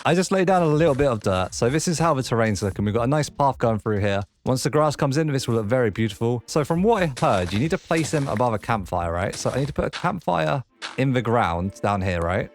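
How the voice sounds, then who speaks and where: A man hosting a let's play, giving excitable gameplay commentary and chatting to the animals in the game. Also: mid-range voice, brisk, a little hiss or hum.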